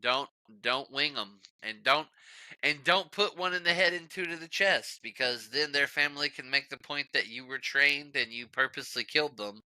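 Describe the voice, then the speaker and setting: Male podcast guest, blunt and teasing, very bright voice, dry close mic. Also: mid-range voice, normal speed, clear, resonant tone, no echo, low-quality recording. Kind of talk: casual podcast chat.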